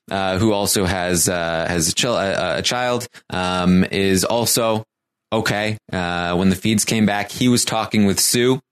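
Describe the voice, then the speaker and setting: A man with a very low voice gives a casual recap of a show. He talks in a halting way, pausing and restarting often. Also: fairly bright tone. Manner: halting, many fillers and restarts.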